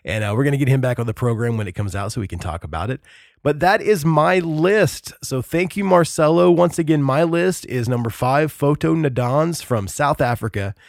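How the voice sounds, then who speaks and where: A man's voice: medium pitch, normal speed, creaky, no echo, clean studio sound. A man hosting a podcast in casual chat, enthusiastic and rambling, with many fillers and restarts. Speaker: podcast host.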